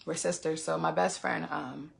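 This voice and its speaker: A woman's voice: low-pitched, fairly even intonation, moderate pace, gravelly. A woman, telling a story on a phone livestream in a profane, emphatic way. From Queens, New York. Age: 20s. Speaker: live streamer.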